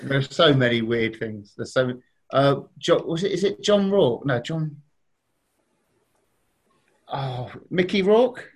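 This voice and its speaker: A man's voice: medium pitch, animated, slow pace, long pauses, slightly rough. A man, a podcast guest telling funny anecdotes in a chatty way and laughing as he goes. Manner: chatty, laughing, acts out quoted voices.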